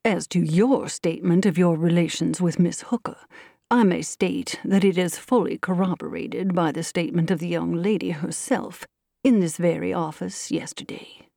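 A woman voicing a courtly older male colonel and lawyer who speaks slowly and with grave politeness. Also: fairly low pitch, vocal fry, warm tone, dry recording, studio quality. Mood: bland courtesy. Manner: slow, measured, politely grave.

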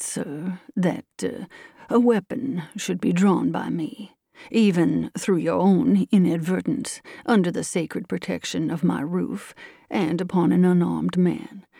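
A woman voicing a courtly older male colonel and lawyer who speaks slowly and with grave politeness. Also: lowish voice, creaky, warm tone, breathy edge, no room sound, clean studio sound, heavily acted. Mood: bland courtesy. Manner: slow, measured, politely grave.

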